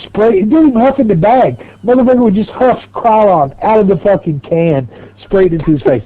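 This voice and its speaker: A man's voice: high voice, animated, a little fast, phone-quality sound. A middle-aged man telling a long, profane, rambling story on a game stream.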